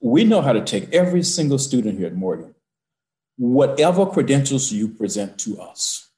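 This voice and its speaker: A man's voice: medium pitch, sing-song, moderate pace, dark tone, roomy sound. A university president, a man, telling a personal story in an interview from his office, building to emphatic peaks.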